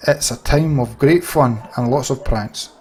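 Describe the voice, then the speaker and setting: A man's voice: mid-range voice, unhurried, a little mellow, a little hiss or hum, natural voice. Field: tiny impatient winged sprite, voiced by a man. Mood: chatty. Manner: chirping and impatient. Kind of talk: reading game dialogue aloud.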